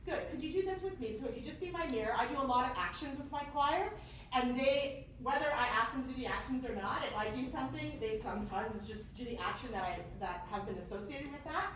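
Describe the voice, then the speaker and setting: A woman's voice: high-pitched, expressive, quick pace, fairly bright tone, slight background noise. A woman leading a choir workshop, encouraging the singers and demonstrating vowels by singing them. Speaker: choir clinician. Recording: echoey hall from far off.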